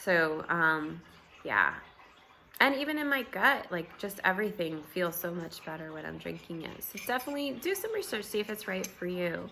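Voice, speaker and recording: A woman vlogger with a scratchy, just-woken voice, chatting casually at home, relaxed and rambling with fillers and soft laughs. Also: fairly low pitch, moderate pace, creaky. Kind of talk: casual morning chat to camera.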